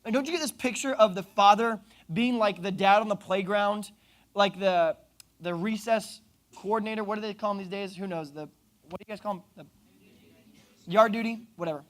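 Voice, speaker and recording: A young man from Oklahoma preaching a youth sermon, telling stories with jokes and quick asides. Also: high voice. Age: young adult. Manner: animated, joking storyteller with asides. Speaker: youth pastor.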